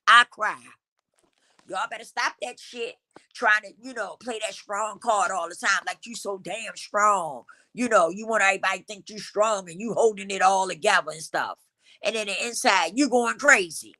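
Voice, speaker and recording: A woman hosts a livestream and talks straight to her viewers with emphatic, preaching conviction. Her tone is bright and forward, with a dry, close sound. She speaks in casual vernacular and sounds a little stuffy from a cold. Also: medium pitch, no echo. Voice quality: slightly congested from a cold. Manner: emphatic, preachy, addresses the audience as y'all; African American Vernacular English speech. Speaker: livestream host. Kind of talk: casual motivational talk to viewers.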